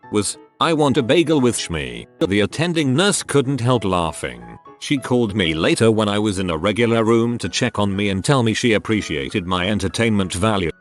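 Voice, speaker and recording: Guy narrating reddit-style stories, lowish voice that swings around a lot, faint music under it. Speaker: narrator reading online posts. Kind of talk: scripted narration.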